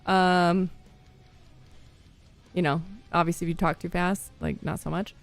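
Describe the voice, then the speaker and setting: A woman's voice: lowish voice, fairly even intonation, a little slow, faint music behind. Chatty woman streamer telling stories. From US Midwest. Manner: chatty and rambling, laughs often, greets viewers between stories. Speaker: livestream gamer. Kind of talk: casual chat with stream viewers.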